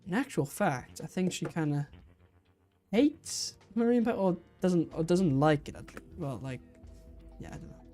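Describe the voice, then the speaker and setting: Low-voiced woman hosting a chatty livestream. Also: lively intonation, normal speed, mellow, faint music behind. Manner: chatty, giggly, trips over words. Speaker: livestream host running a quiz. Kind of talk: casual live-stream chat.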